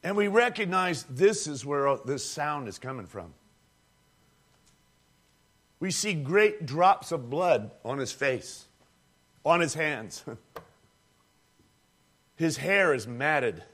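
A man's voice: a little high, animated, slow pace, pauses often, a bit bright. A man preaching a sermon, telling a story dramatically and calling the congregation friends.

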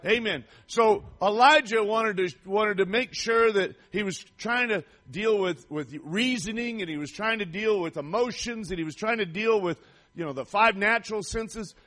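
A man delivers a fervent sermon in a notably high voice. He reads scripture aloud and breaks into asides to the congregation, climbing to shouted praise. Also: moderate pace. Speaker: preacher.

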